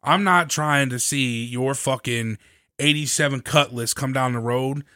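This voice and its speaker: Brief: man with a bright, forceful tone, blunt profane rant, dry close mic. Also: medium pitch, measured pace, smooth, no echo. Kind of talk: casual chat.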